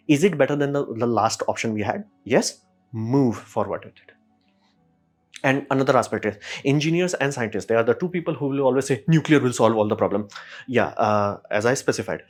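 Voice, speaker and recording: Fast-talking, ranting man. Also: mid-range voice. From India. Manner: ranting, blunt, swears, mimics others in quick asides. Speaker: channel host. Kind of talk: opinionated solo commentary.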